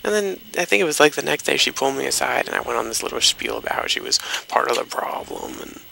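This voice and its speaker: Gravelly young man rambling through a story. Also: mid-range voice, expressive, fast, sharp tone, a little hiss or hum, rough recording. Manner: rambling, swearing, loose anecdotal delivery. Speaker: gaming commentator. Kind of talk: rambling storytelling over gameplay.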